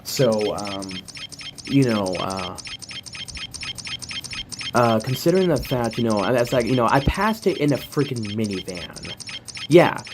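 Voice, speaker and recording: A man's voice: medium pitch, noisy background. A man from the US telling a casual story in a rambling way, with many filler words and restarts. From United States. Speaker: game streamer. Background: music.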